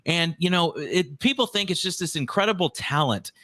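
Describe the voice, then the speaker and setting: A man's voice: fairly high pitch, expressive, normal speed, sharp tone, no room sound. A man in his fifties hosting a podcast interview, asking long, rambling questions and complimenting his guest with enthusiasm. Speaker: podcast host.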